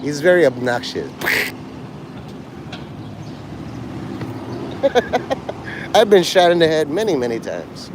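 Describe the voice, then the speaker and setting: A man's voice: on the high side, sing-song, fairly quick, hardly any pauses, noisy background. A man livestreaming to a chat, rambling crudely from joke to joke and breaking into laughter. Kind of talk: rambling live-stream chat.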